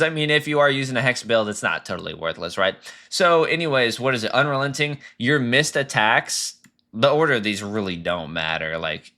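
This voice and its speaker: A man's voice: lowish voice, pushed and bright. A man giving casual, opinionated gaming commentary, blunt and swearing freely as he ranks perks, often restarting his sentences. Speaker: gaming video creator ranking perks.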